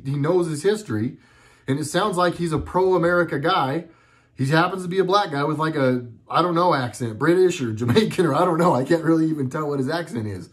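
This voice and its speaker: A middle-aged man talking at home in a casual monologue, earnest and rambling, often stopping and restarting his sentences. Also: on the high side. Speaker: video blogger.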